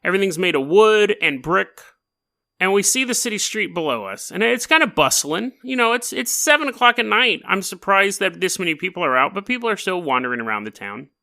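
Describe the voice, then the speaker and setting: A man's voice: high voice, expressive, brisk, creaky, sharp tone. A man hosting a paranormal storytelling podcast, telling the tale in a rambling, joking way. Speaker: podcast host.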